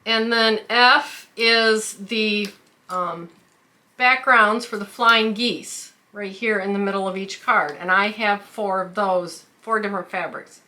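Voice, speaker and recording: Woman, quilting tutorial host, step-by-step explaining, slow pace, bright voice. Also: medium pitch, steady tone. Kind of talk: craft tutorial.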